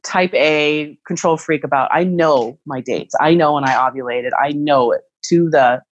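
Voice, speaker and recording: A woman in her thirties, telling a personal story in casual chat, animated and acting out what others said. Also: low voice, moderate pace, no room sound, lo-fi sound. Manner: animated, acts out quoted voices.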